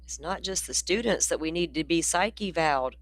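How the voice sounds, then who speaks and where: A woman's voice: fairly low pitch, animated, brisk, dry recording. A woman hosting a casual livestream, talking bluntly and profanely in a rambling way while she keeps yawning. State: yawning, sleepy. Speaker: livestream host.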